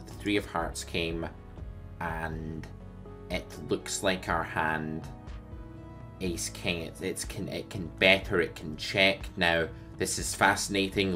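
A man impersonating a nerdy man obsessed with copying solvers, talking slowly and deliberately with earnest amazement. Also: low-pitched, fairly bright tone. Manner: slow, deliberate, earnestly impressed. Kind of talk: comic impersonation in a lesson.

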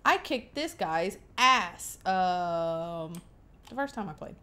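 Young woman streamer, playful, high swoopy voice, slow-ish, keys clacking in the back. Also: lively intonation, pushed and bright. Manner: bubbly, playful, talks to the game characters. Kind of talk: casual gameplay commentary.

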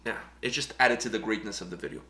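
A man co-hosting a reaction channel, chatting casually in an animated way and often repeating or restarting his phrases. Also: fairly low pitch, quick pace, echoey room.

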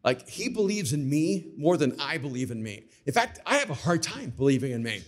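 A middle-aged man, a podcast guest, tells stories in a lively, conversational way and slips into the voices of the people he quotes. His voice sits fairly high for a man. He was recorded at a live taping. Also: a little fast. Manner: animated anecdotes, acts out quoted voices. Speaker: author guest. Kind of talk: conversational storytelling.

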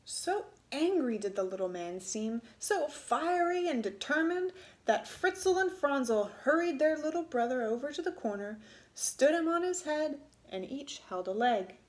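A woman reading a storybook aloud in an expressive way, relishing the sound words. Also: high voice, unhurried, reverberant.

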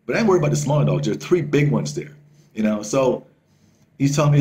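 A male travel vlogger telling a story to camera in a casual, excitable way, swearing freely and repeating himself. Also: mid-range voice, a little fast, a little hiss or hum.

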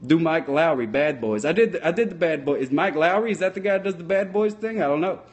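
A dim, cheerful sock puppet cop, voiced by a man, rambles through improvised comedy in a folksy, deadpan drawl. He mangles his words as he goes. His voice sits a bit high for a man. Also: fast talker. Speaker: sock puppet comedian answering live chat.

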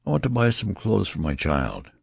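A man's voice: fairly low pitch, huge pitch swings, normal speed, vocal fry, no echo, clean studio sound, pitched above the performer's own voice, exaggerated voice. A man voicing a flustered, ashamed new father who stammers nervously in an audiobook.

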